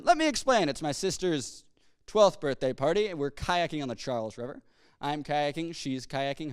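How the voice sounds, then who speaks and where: A young man doing stand-up into a handheld mic, his rambling stories full of detours. His voice is smooth and clear, and it bounces lively up and down. The sound is dry and close, with hardly any room in it. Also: medium pitch, no room sound. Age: young adult. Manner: rambling, self-interrupting storytelling. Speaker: stand-up comedian. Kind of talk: stand-up comedy set. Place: comedy stage. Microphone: handheld stage mic.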